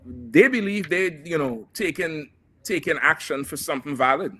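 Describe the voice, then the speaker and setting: Animated, laughing male panelist. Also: on the high side, moderate pace, slightly rough. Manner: animated, laughs often, swears freely. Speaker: show panelist. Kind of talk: casual group discussion.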